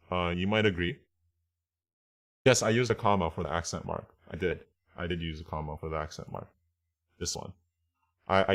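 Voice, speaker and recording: A man teaching a casual online translation class, thinking aloud and often correcting himself as he explains his choices. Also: sits low.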